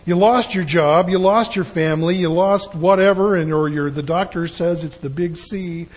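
A man's voice: sits high, normal speed, poor audio. An older man giving a folksy, conversational sermon with frequent asides. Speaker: preacher.

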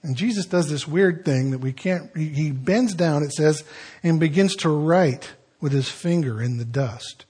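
A man's voice: a little high, unhurried, darkish tone, slightly rough. A man preaching a sermon, retelling stories in a folksy, conversational way with joking asides.

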